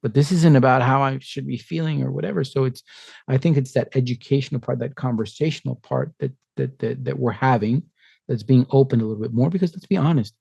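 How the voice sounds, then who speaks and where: Warm-voiced man in his fifties. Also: mid-range voice, a little fast, gravelly, slightly rough, no echo, muffled recording. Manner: animated storyteller who acts out quoted voices. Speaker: podcast guest. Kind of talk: conversational interview.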